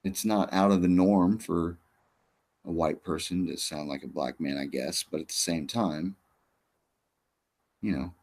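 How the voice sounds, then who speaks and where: A man with a low voice talks loosely in a casual conversation. He hesitates, restarts and lets his sentences trail off quietly. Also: unhurried, pauses often. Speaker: podcast host. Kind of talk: casual chat.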